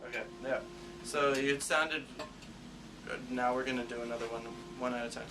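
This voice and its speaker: A man's voice: medium pitch, fairly even intonation, normal speed, music in the background. A young man teaching a school band class, explaining step by step in an encouraging way. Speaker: music teacher. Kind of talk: classroom instruction. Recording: distant mic with room noise.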